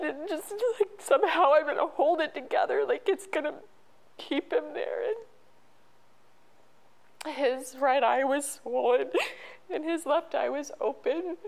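A middle-aged woman telling a personal story as an interview guest, halting and emotional, with many restarts. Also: sits high, creaky, darkish tone, low-quality recording. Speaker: podcast guest.

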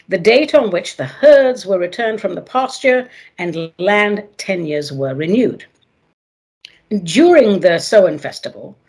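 A woman hosting her own radio show, talking in a playful, dramatic way with sing-song emphasis and a husky voice; she moved to America from elsewhere. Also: on the low side, darkish tone. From not from America, moved there. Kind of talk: theatrical solo radio talk.

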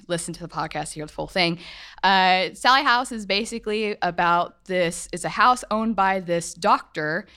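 A woman's voice: lowish voice, sharp tone, smooth. A woman telling a ghost story at a live podcast show in a meandering, self-correcting way. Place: hotel event room, live show.

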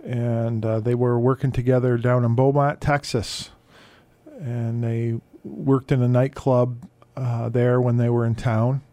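A man hosting a radio music show, telling stories between records in a relaxed, halting way with many fillers. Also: medium pitch, dry recording.

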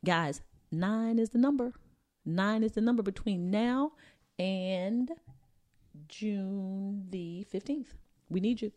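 A woman's voice: mid-range voice, slow pace, a little mellow. A woman co-hosting a podcast in casual chat, joking and boasting playfully with slang. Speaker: podcast co-host.

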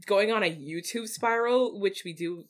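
A woman's voice: mid-range voice, normal speed. A woman co-hosting a podcast in easy, casual chat. She tells stories with animation and acts out her own remarks. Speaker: podcast co-host.

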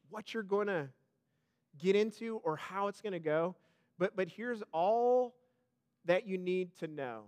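A male pastor preaching a sermon, emphatic and direct with the congregation, swelling to loud peaks and dropping back soft, often repeating his words. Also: sits high.

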